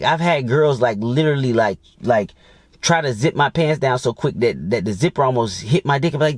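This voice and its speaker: A man's voice: medium pitch, no room sound, studio quality. A man talking as a dating coach in a blunt, crude, casual monologue, full of swearing and fillers.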